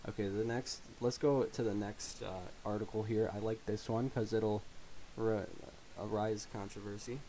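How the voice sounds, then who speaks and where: A man's voice: fairly low pitch, level tone, moderate pace, dark tone, low-quality recording. A young man hosting a podcast in casual chat, joking, laughing often and reading news headlines aloud. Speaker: podcast host. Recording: faint hiss.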